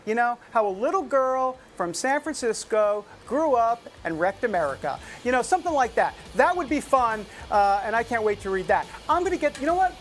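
A woman's voice: fairly high pitch, sing-song, moderate pace, few pauses, faint music behind. Chatty woman hosting a talk show. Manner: chatty, laughs while reading. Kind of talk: casual political talk show.

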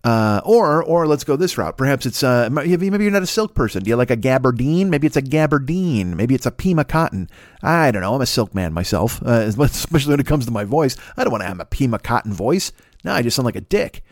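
A man's voice: mid-range voice, big pitch swings, brisk, dry recording, clean studio sound. A man hosting a comedy podcast, delivering a boastful, crude, mock-seductive monologue about his own voice. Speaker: podcast host.

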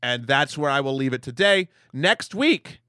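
A man co-hosting a casual podcast, rambling and breaking off his sentences, with sudden animated bursts of emphasis. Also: mid-range voice, moderate pace, clean tone, no room sound, studio quality. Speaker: podcast co-host.

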